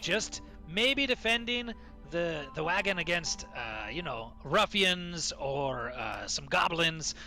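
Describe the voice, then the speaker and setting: A man voicing an excitable dwarf who hires adventurers, stammering and calling everyone lad. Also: a little high, takes it slowly, soft background music, pitched above the performer's own voice, heavily acted. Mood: eager. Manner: stammering, calls everyone lad, old-fashioned phrasing. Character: excitable male dwarf quest-giver, hushed and eager.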